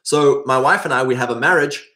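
A middle-aged man giving a casual preaching talk to men, animated and acting out quoted voices as he goes. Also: mid-range voice, fairly quick. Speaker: Christian men's teacher.

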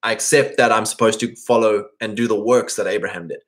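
A man in a casual, rambling monologue, full of fillers and quick asides, often acting out other people in mock voices. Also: fairly low pitch, fairly even intonation. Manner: rambling, peppered with "like" and "right?".

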